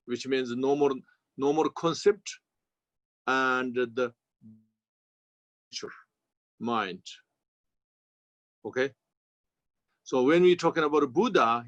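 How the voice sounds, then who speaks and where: A man with a Tibetan accent, a Buddhist teacher giving a slow, halting dharma commentary in non-native English. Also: mid-range voice, a bit bright, no echo. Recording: dull, lo-fi sound.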